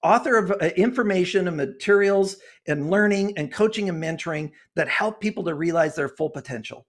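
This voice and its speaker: Guy in his 60s getting all fired up in an interview, kinda preachy, pretty high voice. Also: brisk. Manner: impassioned, preachy, gets worked up. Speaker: guest author and consultant. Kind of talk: earnest interview talk.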